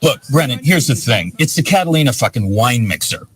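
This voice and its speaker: An actor playing a brash, profane sales boss laying down the stakes. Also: male voice, mid-range voice, expressive, brisk, a little hiss or hum, natural voice. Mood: pushy. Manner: pushy, profane.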